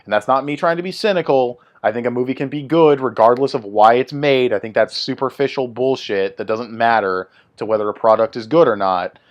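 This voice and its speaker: A man's voice: medium pitch, a little fast, few pauses, lo-fi sound. A young man hosting his own video, giving a blunt, swearing opinion rant in a casual way. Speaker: video host.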